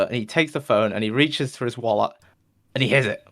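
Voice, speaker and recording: Talking a little fast in a medium-pitched, somewhat bright voice, a man hosting a podcast rambles through a long joke. It's casual comedic storytelling, stuffed with whooshing sound effects.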